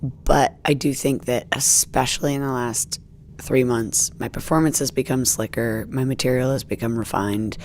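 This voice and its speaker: A woman's voice: very deep voice, fairly even intonation, normal speed, darkish tone, slight background noise. A young adult American woman, a stand-up comedian, chatting reflectively and rambling with fillers and self-corrections. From United States. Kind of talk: casual reflective chat.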